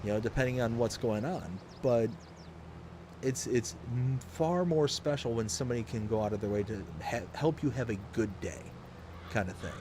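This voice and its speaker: A man's voice: medium pitch, normal speed, noisy background. Upbeat rambling male streamer. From US South. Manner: upbeat, rambling, reads chat aloud. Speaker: livestream host. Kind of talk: casual live-stream chat.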